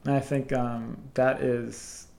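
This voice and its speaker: A man co-hosting a podcast in casual chat, relaxed and agreeable, with lots of fillers. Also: medium pitch, slow pace, creaky, reverberant. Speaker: podcast co-host.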